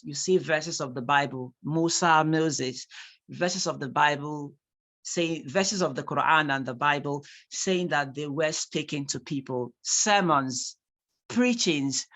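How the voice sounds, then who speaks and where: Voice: medium pitch, measured pace, a bit bright. A speaking tutor with a Nigerian accent teaching a live online class, reading out replies from the chat and repeating key points for emphasis.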